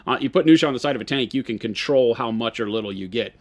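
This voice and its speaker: A man's voice: medium pitch, quick pace. Man chatting while painting miniatures. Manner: rambling, joking, teasing. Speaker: co-host of a live painting stream. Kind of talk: casual live-stream chat while painting.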